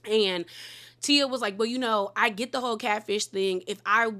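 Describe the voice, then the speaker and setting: A woman casually recapping a reality TV episode, chatty and animated, acting out what the cast said and tossing in asides like "girl" and "okay?". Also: fairly high pitch, normal speed. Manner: chatty, animated retelling with quoted voices and laughs.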